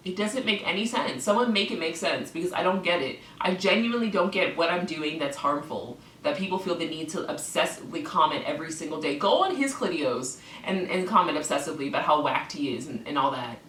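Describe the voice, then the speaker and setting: Sweary ranting woman, bright echoey voice. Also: deep voice, expressive, fairly quick, hardly any pauses, far from the mic, a little hiss or hum. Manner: swaps words for cl- puns. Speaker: clown-persona vlogger. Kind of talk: ranting vlog to camera. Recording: echoey room, away from the mic.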